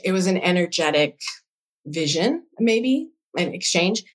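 A woman with a slightly low voice speaks as a podcast guest, recounting her own experiences. She talks in an earnest, reflective way and stays emotionally open. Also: expressive, unhurried. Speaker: guest, doula coach. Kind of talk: personal storytelling in conversation.

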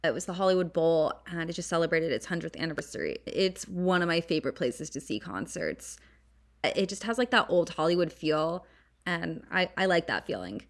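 A woman's voice: lowish voice, animated, moderate pace. A young woman from the San Fernando Valley with a Valley Girl accent, hosting a podcast in casual, candid, profane chat. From San Fernando Valley, California. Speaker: podcast host.

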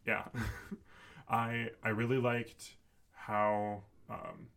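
A man joins a podcast as a guest and speaks in a fairly low voice with a gravelly, creaky edge. His answers are brief and hesitant, with many pauses and "um"s. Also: little pitch movement. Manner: soft-spoken, short hesitant answers with "um". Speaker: podcast guest, church coordinator. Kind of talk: casual podcast chat.

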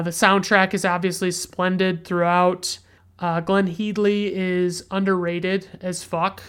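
A woman's voice: fairly low pitch, clean tone. A woman hosting a podcast, reviewing films in a rambling casual way, swearing freely and filling every gap with "like" and "you know". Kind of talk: casual movie review monologue.

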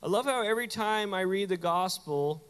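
A middle-aged man, a pastor, giving a lively, conversational sermon with playful asides to his congregation. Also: high-pitched, moderate pace, smooth, in a large hall. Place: church sanctuary.

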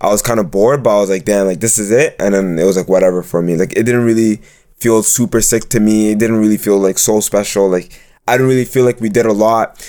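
A man's voice: on the low side, steady tone, quick pace, warm tone. A young man in casual chat, laid-back and hesitant, sounding unimpressed by the film.

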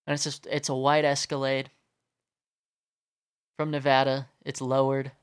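A man's voice: medium pitch, unhurried, clean tone, no room sound, clean studio sound. A young man telling a story in a casual, profane rant full of fillers. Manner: profane, animated, many fillers.

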